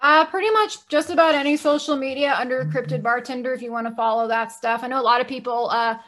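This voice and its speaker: Blunt, swearing woman with a bright high voice. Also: quick pace. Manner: blunt, profane, emphatic ranting. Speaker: podcast co-host. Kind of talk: casual podcast chat.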